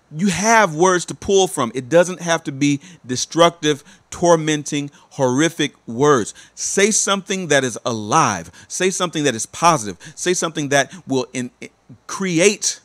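A man's voice: on the high side, expressive, unhurried, fairly bright tone. A male life coach giving a motivational, sermon-like talk, emphatic and repetitive as he urges listeners on. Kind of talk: motivational preaching.

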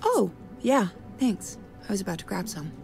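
A woman voicing a calm young wife in a game, speaking in an easygoing way. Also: medium pitch, moderate pace, gravelly, music in the background.

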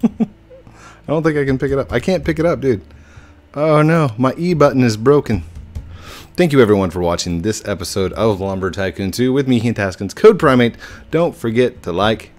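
A man's voice: expressive, normal speed. A young man giving chatty, playful gameplay commentary as a YouTuber, laughing often. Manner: playful, chatty, laughs often, squeaky put-on voices when quoting. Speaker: gaming YouTuber. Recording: faint game music behind.

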